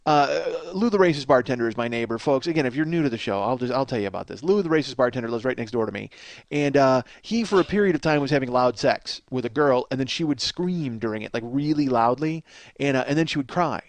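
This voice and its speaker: A man's voice: mid-range voice, expressive, fast, no room sound. A man hosting a comedy podcast, rambling through a profane, self-mocking monologue from a small apartment. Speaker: podcast host.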